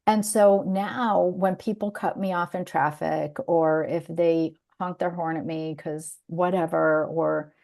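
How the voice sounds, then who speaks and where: A woman with a gravelly, slightly low voice co-hosts a podcast in relaxed conversation. She tells stories loosely, laughs often and stops to restart her sentences. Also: slow pace, hardly any pauses. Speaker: podcast co-host. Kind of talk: casual chat.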